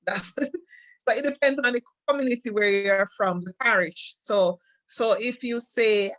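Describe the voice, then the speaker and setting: A woman's voice: mid-range voice, a little slow, a bit bright, dry recording, muffled recording. A Jamaican woman co-hosting a casual chat, explaining things patiently with examples and often repeating her words. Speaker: co-host.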